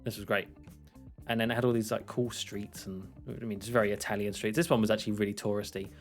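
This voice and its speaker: Chatty English man, slightly low voice. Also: level tone, fast, soft background music. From England. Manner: chatty, rambling, self-mocking, laughs often. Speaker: streamer. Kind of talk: casual chat while gaming.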